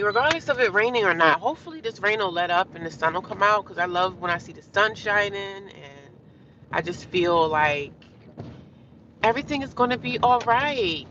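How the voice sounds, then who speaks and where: A woman's voice: medium pitch, sharp tone, dull audio, a little hiss or hum. A woman from New Jersey live-streaming, bluntly ranting at trolls and chatting casually with viewers.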